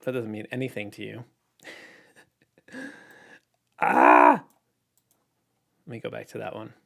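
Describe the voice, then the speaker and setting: A man chatting casually on a livestream, reading out viewer questions and answering in a relaxed, rambling way with lots of fillers. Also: lowish voice, racing, vocal fry. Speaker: illustrator livestreaming.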